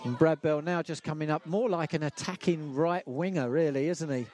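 A man's voice: fairly high pitch, moderate pace, a little mellow, some chatter behind. A man giving live, chatty club football commentary from the ground.

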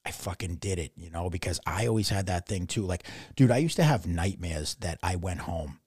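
A young man with a deep, slightly husky voice recounts his army days in loose, profane podcast chat. The sound is close and dry. He jumps into bits of other people's dialogue as he goes. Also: moderate pace, dry recording. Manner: profane, animated storytelling, acts out quotes. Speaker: army veteran guest. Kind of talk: casual podcast conversation.

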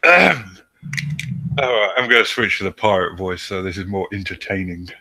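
A man's voice: low voice, normal speed, bright, forceful tone. A man with a cold, co-hosting a podcast in a dry, sardonic, swearing manner. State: has a cold. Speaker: podcast co-host. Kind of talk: casual chat and reading notes.

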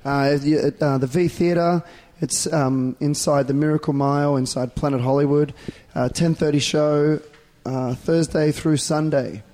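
A man's voice: fairly high pitch, fairly even intonation, unhurried, dark tone. A man, chatting casually as a podcast guest in a rambling, laid-back way with lots of fillers. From Australia. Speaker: podcast guest, show performer. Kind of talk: casual chat.

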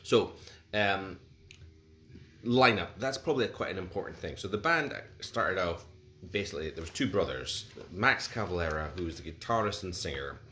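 A man in his forties co-hosts a laid-back music chat in a very low voice. He rambles, hesitates and restarts his sentences often. The recording sounds roomy, with a faint hiss underneath. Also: animated, moderate pace, bright, forceful tone. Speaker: podcast co-host.

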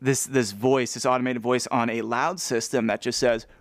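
A man trading jokes on a casual podcast, playful and quick to get excited. His voice sits at a mid pitch and sounds dry and close to the mic, with no room around it. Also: dry recording. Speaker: podcast co-host. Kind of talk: casual chat.

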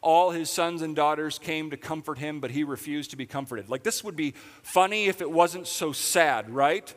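A man preaches a sermon in a relaxed, conversational way, breaking in with dry, sarcastic asides. His voice sits a little high for a man. A long reverb trails after him in a big church hall. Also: normal speed. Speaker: pastor.

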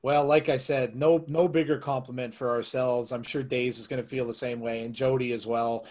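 A man's voice: mid-range voice, level tone, moderate pace, darkish tone. A man hosting a podcast in casual chat, easygoing and affirming, laughing a lot. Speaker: podcast host.

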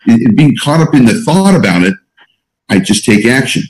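A man leads a small group of students through a teaching talk, pressing hard on his main points and repeating them. His voice sits at an ordinary middle pitch. The room around him gives it a noticeable echo. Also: expressive, moderate pace. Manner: emphatic, repeats key points. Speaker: coach guiding a group of students. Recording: roomy echo.

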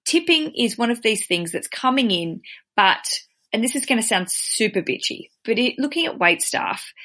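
An Australian woman hosting a podcast in casual, chatty talk, animated and quick to poke fun at herself. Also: on the high side. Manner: chatty, animated, self-deprecating. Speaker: podcast host.

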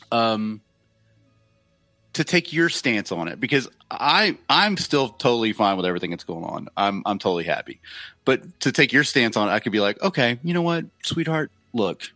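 A man trading raunchy, animated jokes with friends on a podcast. His voice is bright and forward. He is recorded dry and close to the mic. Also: mid-range voice, no room sound. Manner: animated, profane, joking. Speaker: podcast co-host. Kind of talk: casual crude banter.

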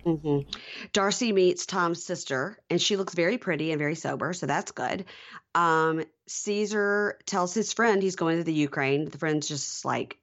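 Woman podcast co-host, low voice, dull lo-fi recording, gossipy and animated when she quotes people. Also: moderate pace. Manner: acts out quotes with lively pitch jumps. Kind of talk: casual recap chat.

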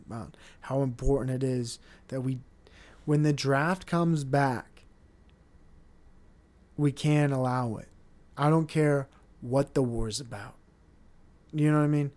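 Young guy ranting on his podcast, swears a lot, rambles, middle pitch. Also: a little mellow. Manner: profane, rambling, mocking voices. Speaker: podcast host. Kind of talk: casual solo podcast rant.

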